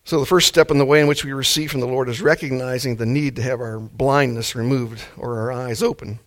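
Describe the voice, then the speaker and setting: A man's voice: mid-range voice, steady tone, a little fast. Laid-back, mild-mannered male preacher. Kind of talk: sermon.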